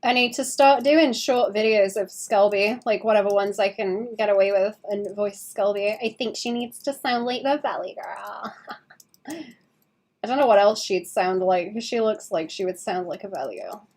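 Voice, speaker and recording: A young woman streamer chatting casually and rambling while she draws, sleepy and quick to laugh. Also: mid-range voice, a little mellow. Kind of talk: casual chat while drawing.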